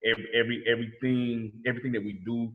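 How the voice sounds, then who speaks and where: A man's voice: medium pitch, flat delivery, rapid-fire, roomy sound, phone-quality sound. A man from Alabama in his late twenties, a guest in a casual interview, who stumbles and repeats words as he talks. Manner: stumbling, repeats words, self-described speech impediment. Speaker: guest, food blogger.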